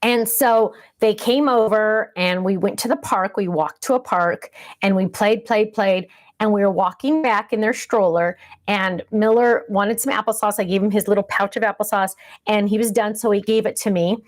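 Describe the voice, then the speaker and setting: A woman's voice: mid-range voice, normal speed. A woman in her fifties hosting a casual craft livestream chat, rambling and easily sidetracked, with many ums.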